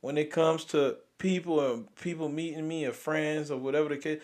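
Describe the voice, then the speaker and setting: A young man, hosting and venting about grief in a raw, profane way, swinging from loud outbursts to near-whispers. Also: fairly high pitch, normal speed. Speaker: podcast host. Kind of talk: emotional personal venting.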